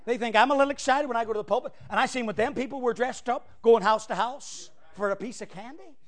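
A male pastor preaching a fiery sermon, swinging from loud cries to hushed asides. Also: very high voice, quick pace.

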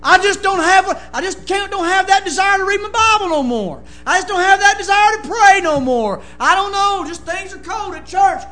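A man preaching a sermon, impassioned and often breaking into shouts. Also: very high-pitched, normal speed, few pauses, reverberant.

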